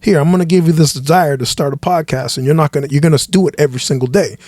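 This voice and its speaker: A man with a fairly high voice chats on a podcast as a guest pastor. He talks in an animated, sermon-like way, looping back and restarting phrases as he builds his point. The sound is close and dry, with no room echo. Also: rapid-fire. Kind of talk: casual podcast chat.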